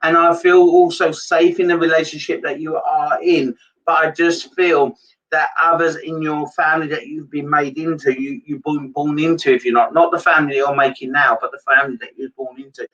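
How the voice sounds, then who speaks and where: A man's voice: on the high side, steady tone, moderate pace, a bit bright. A man giving a live-streamed psychic reading, rambling and repeating himself with many hesitations. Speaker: psychic medium. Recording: dull lo-fi sound from a distance.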